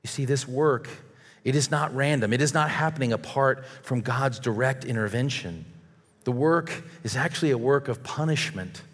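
A man's voice: medium pitch, normal speed, a bit bright, breathy edge. A male preacher delivering an earnest sermon, reading scripture aloud and warning his listeners. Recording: long reverb of a large hall.

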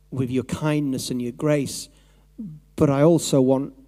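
A man preaching a sermon in a lively, conversational way, acting out his own thoughts and voices. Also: mid-range voice. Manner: animated, conversational, acts out inner voices.

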